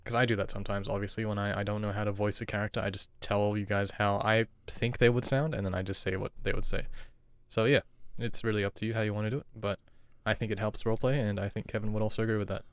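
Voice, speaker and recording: A man's voice: fairly low pitch, level tone, quick pace, clean tone, no room sound. A man co-hosting a podcast in casual chat, joking and teasing his partner. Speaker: podcast co-host.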